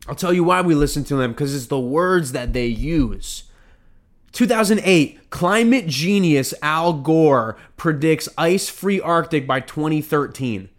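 A man's voice: fairly high pitch, expressive, measured pace. Sarcastic, heated male podcast host. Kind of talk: ranting commentary.

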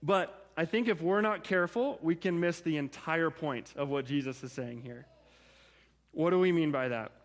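A man preaching a sermon in a conversational way, often checking in with his listeners through quick asides. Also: fairly high pitch. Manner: conversational, frequent "right?" and "like" asides. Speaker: pastor.

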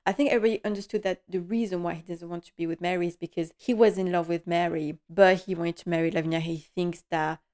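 A woman's voice: on the low side, fairly even intonation, fast talker, hardly any pauses, darkish tone. Gushing, chatty woman recapping a show. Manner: chatty and gushing, with frequent laughs. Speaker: TV recap vlogger. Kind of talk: casual episode recap.

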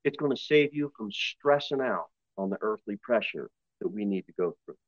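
A man with a Northern US accent, a pastor giving a sermon in a conversational style with quick asides and voiced impressions. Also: on the low side, expressive, dry recording, muffled recording. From northern United States.

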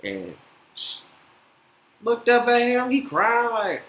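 A man hosting a casual solo podcast, animated and swearing freely with many fillers. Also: very high voice, slow pace, pauses often. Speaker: podcast host. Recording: echoey room, faint noise.

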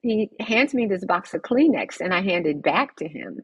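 A woman's voice: medium pitch, normal speed, breathy edge, no echo. A woman sharing her personal story in a conversational interview, firm and direct, acting out the people in it. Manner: animated storyteller who acts out dialogue. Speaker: interview guest, cancer survivor.

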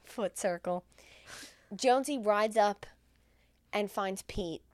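A woman co-hosting a podcast, retelling a film in a casual, profane, animated way and acting out the characters' lines. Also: medium pitch, slow, no room sound, clean studio sound. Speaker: podcast co-host recapping a film. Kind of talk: casual chat.

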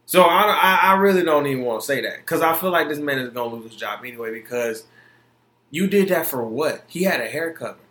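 A young man hosts his own podcast in a heated, profane rant. His voice sits high and sounds bright and forceful. The recording carries a roomy echo. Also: lively intonation, a little fast. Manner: heated, profane, emphatic, repeats himself. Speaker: podcast host. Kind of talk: solo opinion podcast rant.

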